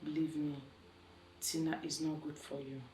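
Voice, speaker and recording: An actress playing an earnest, urgent confidante, recorded far off in an echoey room with music. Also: female voice, sits low, little pitch movement, moderate pace, darkish tone, slight background noise, close to an everyday voice. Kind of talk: Nollywood screen acting.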